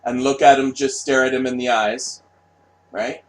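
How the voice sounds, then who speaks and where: A man delivers a blunt, heavily profane rant straight to his audience. He circles back on words, stumbles through restarts and punctuates his points with "right?" His voice sits at a middling pitch. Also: fairly even intonation, moderate pace, rough recording. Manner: profane, blunt, repetitive, asks "right?" often. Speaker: vlogger. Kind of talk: ranting monologue.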